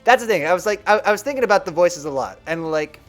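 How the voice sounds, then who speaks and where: A man's voice: high-pitched, expressive, fast talker, fairly bright tone, soft background music. A man streaming a card video game, chatting casually and rambling about how people play. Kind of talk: casual gameplay commentary.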